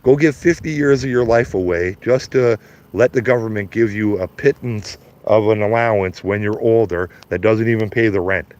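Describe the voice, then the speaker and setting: A man's voice: lowish voice, normal speed, a little mellow. Blunt, profane man in his fifties ranting. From Canada. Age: 50s. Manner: blunt, profane, mocking, laughs at own jokes. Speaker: live streamer. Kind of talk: ranting live stream chat. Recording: slightly dull lo-fi stream audio.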